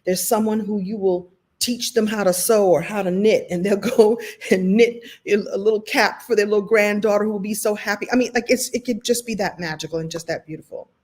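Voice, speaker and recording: A woman from Brooklyn gives a motivational livestream talk, speaking straight to her viewers as a coach. She tells her stories with emotion and energy and laughs often, at a medium pitch. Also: a little fast, few pauses. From Brooklyn, New York. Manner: emotional, animated storyteller with frequent laughs.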